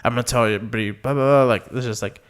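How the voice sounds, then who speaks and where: A man's voice: medium pitch, steady tone, rapid-fire, clear, resonant tone. A young man, casually telling rambling stories on a podcast, full of fillers and quoted voices. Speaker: podcast co-host. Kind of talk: casual storytelling chat.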